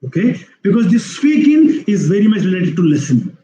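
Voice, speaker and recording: A man giving an online webinar lecture on English skills, explaining slowly with repeated phrases and drawn-out spoken examples. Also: high-pitched, very animated, mellow, roomy sound, dull audio, slight background noise.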